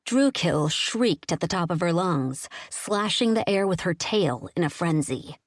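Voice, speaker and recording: A woman narrating an audiobook in the first person, with a steady, even storytelling delivery. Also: lowish voice, no room sound, studio quality.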